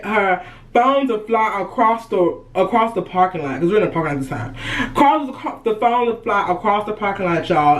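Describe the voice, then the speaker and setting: A woman vlogger telling a story straight to camera. She is animated and dramatic, swears freely, and keeps calling out to her viewers as she goes. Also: mid-range voice, poor audio. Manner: animated, profane, dramatic retelling; addresses viewers as y'all. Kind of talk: storytime vlog.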